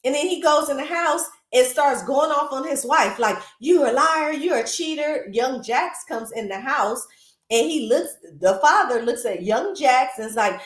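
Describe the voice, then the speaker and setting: A woman hosting a casual movie recap, animated and chatty, with lots of asides to her viewers, recorded in a roomy space. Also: sits high, moderate pace. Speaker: film recap host. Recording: roomy echo.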